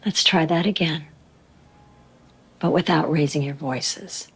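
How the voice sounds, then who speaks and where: An actress playing a calm female counselor who speaks softly and gently. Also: sits low, takes it slowly, a little hiss or hum. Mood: gentle. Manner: soft, gentle, coaxing.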